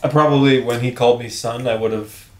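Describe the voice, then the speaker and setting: A man's voice: medium pitch, steady tone, brisk. A man co-hosting a podcast in casual chat, joking and reacting playfully. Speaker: podcast co-host. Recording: echoey room.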